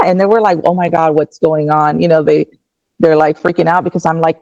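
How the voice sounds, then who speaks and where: A woman shares her own story in an easygoing chat. She tells it in an animated way, acting out her past lines. The sound is a little dull and lo-fi. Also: low voice, moderate pace, dry recording.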